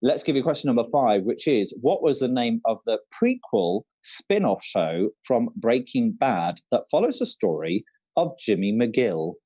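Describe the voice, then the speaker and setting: A man's voice: mid-range voice, very animated, a little slow, mellow, breathy edge, dull audio. A man co-hosting an online quiz, reading each question twice and chatting between them. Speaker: quiz co-host.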